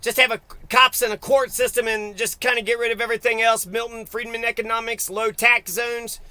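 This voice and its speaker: A man's voice: very high voice, level tone, fairly quick, pushed and bright, clear, resonant tone, no room sound. A man giving a crude, profane and mocking solo political rant. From United States. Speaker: political commentator.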